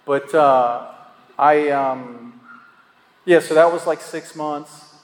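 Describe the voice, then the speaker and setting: A man's voice: on the high side, slow. A man telling his own story at a recovery meeting, rambling and self-deprecating, with lots of fillers and chuckles. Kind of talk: candid personal storytelling. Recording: echoey hall with faint ambient noise.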